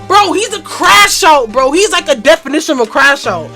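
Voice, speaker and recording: A woman playing a story game and reacting in loud, slangy commentary over game music. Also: high-pitched, lively intonation, moderate pace. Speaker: gamer.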